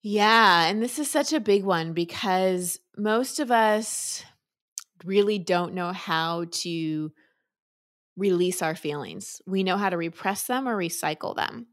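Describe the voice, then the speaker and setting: A woman's voice: fairly low pitch, lively intonation, slow, fairly bright tone. A woman guest in an interview, earnestly explaining how to release feelings and acting out the voices of the people she quotes. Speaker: guest, emotional wellness teacher. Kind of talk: conversational interview answer.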